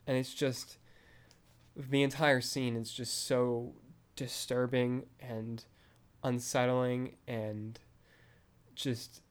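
A man's voice: medium pitch, flat delivery, extremely slow, pauses often. A man hosting a film review podcast, retelling a scene in a casual, rambling way full of fillers.

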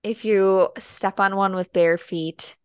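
A woman's voice: mid-range voice, steady tone, takes it slowly, a little mellow, clear, resonant tone, no room sound, studio quality. Chatty squeamish woman from the Midwest. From American Midwest. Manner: chatty, squeamish, full of fillers. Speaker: podcast co-host. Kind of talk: casual chat.

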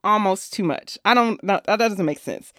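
A woman's voice: medium pitch, animated, normal speed, fairly bright tone, no echo, clean studio sound. A woman co-hosting a casual podcast chat, teasing and wry, laughing a lot. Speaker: podcast co-host.

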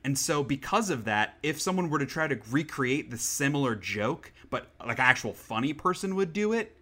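Bright, sarcastic male podcast host. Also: a little high, sing-song, moderate pace. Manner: sarcastic, opinionated, swears casually. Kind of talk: casual chat.

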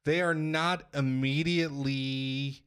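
A man on a podcast, casually retelling a video game story in an animated, profane way. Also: mid-range voice, slow, clear, resonant tone. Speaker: podcast co-host.

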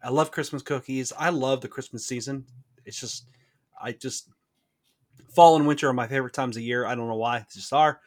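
A man's voice: mid-range voice, fairly quick. A man co-hosting a casual podcast chat, playful and mock-outraged. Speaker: podcast co-host.

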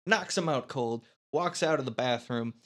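A man's voice: mid-range voice, moderate pace, fairly bright tone. A man casually recapping a movie plot on a podcast, laughing often and leaning on filler words. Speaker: podcast host.

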